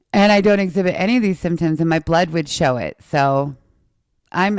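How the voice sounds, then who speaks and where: Lowish woman's voice, podcast host ranting with sarcasm, dry close sound. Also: dry recording. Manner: animated, sarcastic storytelling. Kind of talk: casual chat.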